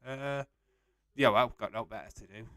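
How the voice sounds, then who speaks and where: A man's voice: mid-range voice, normal speed, fairly bright tone, dry recording. A young man casually hosting a live stream, reading out and answering chat messages and laughing often.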